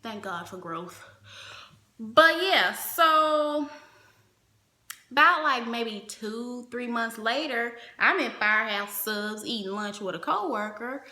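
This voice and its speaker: A woman telling a personal story in casual vlog fashion, animated, acting out the other people's lines as she goes. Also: fairly high pitch, takes it slowly. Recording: roomy echo.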